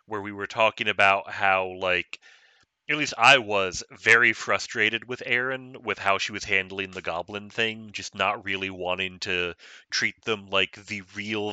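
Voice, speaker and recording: A man's voice: fairly low pitch, pushed and bright, clean tone, no room sound. A man co-hosting a casual book discussion podcast, laid-back with dry jokes. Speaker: podcast co-host.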